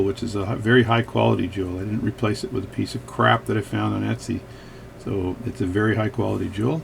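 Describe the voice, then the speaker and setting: Gravelly man chatting at a workbench. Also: lowish voice, fairly even intonation, brisk, slight background noise. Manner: rambling, joking asides. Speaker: watch repair video host. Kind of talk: casual workbench chat.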